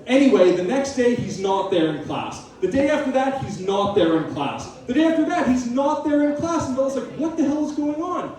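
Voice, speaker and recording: A male comedian doing manic, sardonic live stand-up, swearing freely. His voice is very high and jumps all over the place. He sounds distant, with heavy echo from the venue. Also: big pitch swings, a little fast, hardly any pauses, a little mellow. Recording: echoey live room, from a distance.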